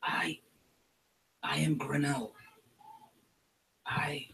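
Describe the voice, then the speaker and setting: A man voicing a scheming female goblin shaman in a whispered role-play, hissing his words out slowly. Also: on the high side, fairly even intonation, vocal fry, pushed and bright, far from the mic, pitched above the performer's own voice, heavily acted, rough recording. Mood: spiteful. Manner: hissing, conspiratorial, drawn-out words.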